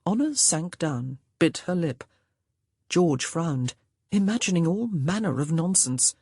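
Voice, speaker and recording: A woman reads a historical romance in measured, expressive narration. Her voice is low and husky, with a lively, animated range. It sounds close and dry, with no room around it. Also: dry recording. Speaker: audiobook narrator. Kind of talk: scripted narration of a romance novel.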